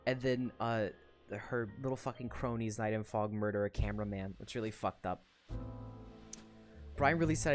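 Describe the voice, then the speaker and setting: A woman's voice: very deep voice, lively intonation, quick pace, faint music behind. A young woman streamer casually recapping a story, swearing freely, giggling and rambling with lots of fillers. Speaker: streamer discussing a web serial.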